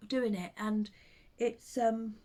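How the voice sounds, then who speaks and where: A woman chatting casually to camera at home, rambling with hesitant ums and soft under-breath asides. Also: a little high, fairly even intonation, slow pace. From United Kingdom. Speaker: vlogger and full-time teddy bear maker.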